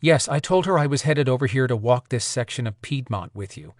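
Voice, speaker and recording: A man's voice: mid-range voice, expressive, fairly quick, no echo, clean studio sound, close to an everyday voice. A man reading an audiobook voices a determined woman supernatural warrior, blunt and impatient. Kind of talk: audiobook character voice.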